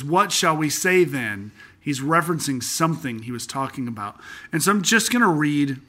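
A man hosting a casual Bible-study podcast, talking earnestly and conversationally, slowing down to read scripture aloud. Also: a little high, bright, forceful tone. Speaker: podcast host teaching through a Bible book.

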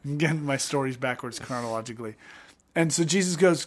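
A man co-hosting a podcast, reading scripture and retelling the stories with animated acted-out voices in a studio. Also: fairly high pitch, quick pace. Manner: animated storyteller acting out scenes. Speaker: podcast co-host. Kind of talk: casual Bible-reading podcast chat.

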